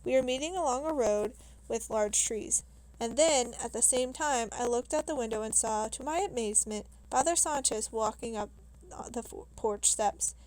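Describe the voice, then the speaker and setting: A woman with a fairly high voice reads a novel aloud. Her narration is steady and measured, and she sometimes stops and restarts a word. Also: rough recording. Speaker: reader.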